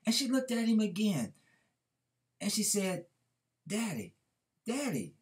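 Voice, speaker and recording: A man's voice: high voice, unhurried. A man hosting a podcast, telling a motivational story with earnest, preacher-like emphasis. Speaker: podcast host.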